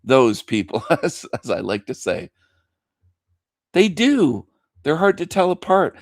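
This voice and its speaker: A man's voice: a little high, very animated, slow pace, dry recording, studio quality. A man hosting a radio show, delivering an opinionated monologue with emphatic repetition and frequent chuckles. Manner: emphatic, repeats himself, chuckles between lines.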